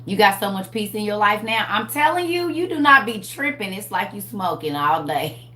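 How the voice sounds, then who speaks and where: A woman in her forties talks to her viewers about her faith in a loose, spoken-sermon way. She is animated, laughs a lot and keeps calling them y'all. Her voice sits at an ordinary pitch, and the room gives it a roomy echo. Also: normal speed. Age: 40s. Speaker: vlogger sharing faith. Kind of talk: casual spoken preaching to viewers.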